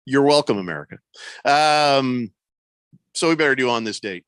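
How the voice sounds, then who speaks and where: A man's voice: medium pitch, animated, normal speed, long pauses, a bit bright, clean tone, no room sound. A man hosting a sports radio show, chatting casually, joking and reading out listener texts. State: losing his voice. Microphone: studio microphone.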